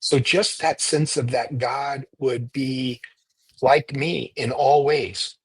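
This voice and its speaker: Husky man telling stories as he teaches. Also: medium pitch, takes it slowly, dry recording, rough recording. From United States. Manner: animated storyteller, often ends points with "right?". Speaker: priest and retreat leader. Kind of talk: conversational teaching.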